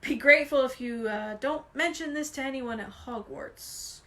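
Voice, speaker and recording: Woman doing a gruff booming giant man. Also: moderate pace, pushed and bright. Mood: rueful. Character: gruff jolly giant man, loud and rough.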